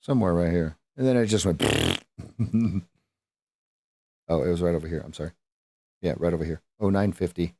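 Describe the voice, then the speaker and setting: A trading coach with a low, warm voice walks viewers through live trades on a stream at a moderate pace, leaving long pauses. His market commentary rambles, corrects itself, and includes playful sound effects.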